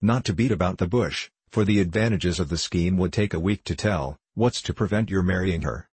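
A man voicing a scheming young man who presses his point in a slow, steady, insistent way. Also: low voice, breathy edge, no room sound.

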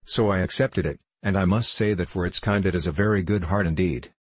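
A formal, earnest tin emperor, read by a man with a deep, husky voice. He talks in a measured, dutiful way, close and dry in a storybook audiobook. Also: no echo. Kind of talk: audiobook reading.

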